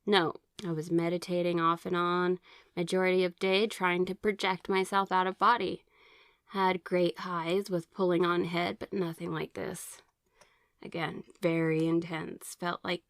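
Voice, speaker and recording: Woman vlogger, lowish voice, dry close mic, rambling casual storytelling with lots of ums. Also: no echo. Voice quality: occasional throat clearing. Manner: chatty, rambling with many fillers and restarts; reads aloud from her own notes. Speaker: vlogger sharing personal experiences.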